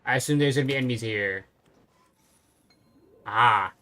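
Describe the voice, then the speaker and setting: A game streamer giving casual let's-play commentary, thinking aloud and pausing often with fillers. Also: mid-range voice, sharp tone.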